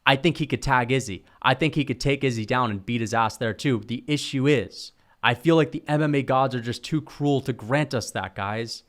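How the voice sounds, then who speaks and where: A man's voice: mid-range voice, normal speed, fairly bright tone. A young man giving heated, opinionated solo commentary on fighters, full of slang and swearing. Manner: heated, slangy, swears, says bro and dude. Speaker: MMA commentary youtuber.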